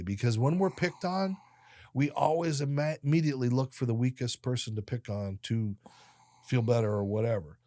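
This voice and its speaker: Animated fifty-something man telling stories. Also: medium pitch, moderate pace, dry recording, clean studio sound. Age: 50s. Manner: animated storyteller, voices other people in his anecdotes. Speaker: podcast guest. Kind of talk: storytelling interview.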